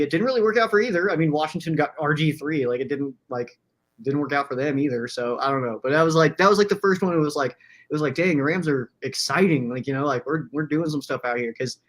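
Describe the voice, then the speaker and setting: A young man co-hosting a casual live-streamed sports chat from a small room. He is excitable, laughs often and fills his talk with "like". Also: on the high side. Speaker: podcast co-host.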